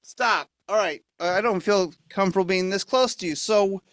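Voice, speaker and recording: A man's voice: sits high, normal speed, fairly bright tone, dry recording, clean studio sound. A man doing comedy as the flustered straight man beside his puppet on an online show, often stammering and sighing. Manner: flustered straight man, many fillers and sighs. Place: home setup for an online show.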